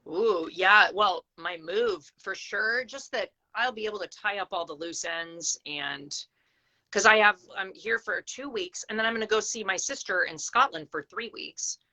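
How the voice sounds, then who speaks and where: A woman teacher of church history, a podcast guest speaking from her phone, animated and quick to laugh. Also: mid-range voice, poor audio. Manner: animated, laughing, talks in quoted asides. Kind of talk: casual video chat.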